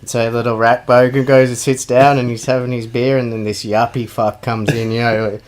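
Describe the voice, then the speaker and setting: A man with an Australian accent, co-hosting a casual podcast and telling stories in a sweary, animated way. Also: medium pitch, moderate pace. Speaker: podcast co-host. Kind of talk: casual chat.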